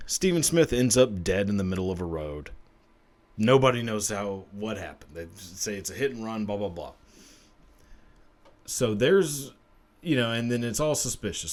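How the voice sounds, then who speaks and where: A young man from Texas, hosting a crude, rambling comedy chat that is full of swearing. His voice sits low and moves up and down a lot, and he takes his time. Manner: profane, rambling, laughs at own jokes. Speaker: podcast host.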